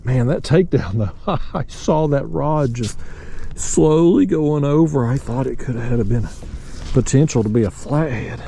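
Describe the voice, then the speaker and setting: Folksy man, mellow voice. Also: mid-range voice, lively intonation, moderate pace, creaky, a little hiss or hum. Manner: folksy, drawling, talks to viewers as "y'all" and "buddy". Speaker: fishing vlogger. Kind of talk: casual narration to camera while fishing. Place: outdoors on a kayak on a river.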